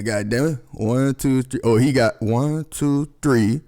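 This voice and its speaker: A man rants about hidden symbols, cursing at nearly every turn and calling out to his viewers. His voice sits at an ordinary middle pitch, loose and excitable rather than polished. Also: measured pace, few pauses. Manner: profane, excitable, talks to viewers as y'all, swears constantly. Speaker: conspiracy commentary host. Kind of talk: profane rambling commentary over logos.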